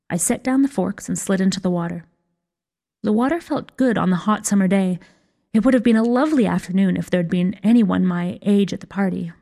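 A mid-range, slightly mellow female voice narrates a first-person fantasy tale. She reads the scripted story with a dry, wry sense of humor.

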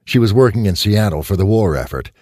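A man narrating a short story in an expressive audiobook style. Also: on the low side, fast talker, no room sound, clean studio sound.

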